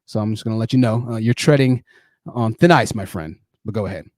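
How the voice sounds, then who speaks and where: A man's voice: fairly low pitch, fairly quick, darkish tone, no echo, clean studio sound. A man hosting a live-streamed call-in show, combative and sarcastic, often repeating phrases for emphasis. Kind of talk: live stream commentary with callers.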